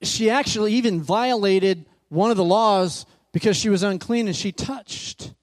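This pastor speaks in a high voice at a moderate pace. Retelling scripture in his sermon, he builds emphasis and throws questions out to the congregation.

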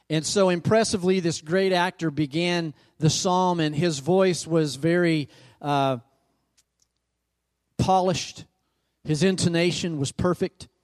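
Male pastor, emphatic sermon delivery, slightly high voice, dry close recording. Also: no echo. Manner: emphatic, repeats phrases for rhythm. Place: church.

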